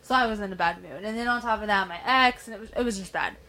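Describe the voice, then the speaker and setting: A woman on a casual podcast, telling a story in an animated, profane way. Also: medium pitch, quick pace. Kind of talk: casual chat.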